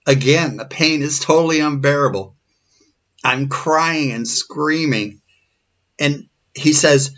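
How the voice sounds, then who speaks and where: A man's voice: mid-range voice, takes it slowly, a bit bright. A man in his forties, shaken and earnest, telling a personal story. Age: 40s. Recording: dull lo-fi recording.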